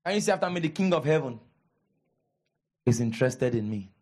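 A man with a Nigerian accent preaching a sermon as pastor, animated, repeating his lines for emphasis and calling out to the congregation. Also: mid-range voice, brisk.

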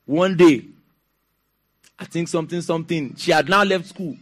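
A man's voice: fairly high pitch, normal speed. A man with a Nigerian accent preaching a sermon as pastor, telling stories with laughter and asking the congregation to respond. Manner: animated, storytelling with laughs and call-and-response.

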